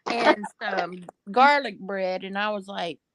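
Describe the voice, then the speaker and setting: A woman telling a story in a relaxed, drawling way during a casual chat. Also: mid-range voice, takes it slowly.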